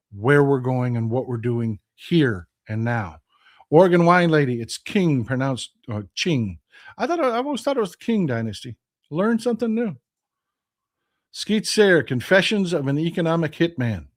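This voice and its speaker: A fifty-year-old man with a Texan accent, hosting a casual live stream and reading viewer comments aloud, often restarting his phrases. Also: on the high side. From Texas. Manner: reads chat aloud, greets viewers by name, self-correcting restarts.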